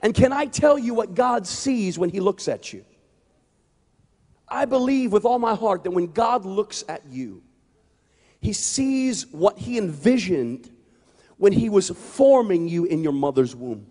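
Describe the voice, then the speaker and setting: Evangelist man, high voice, impassioned sermon in a reverberant hall. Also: lively intonation, unhurried. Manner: impassioned, building to shouts. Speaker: evangelist preacher.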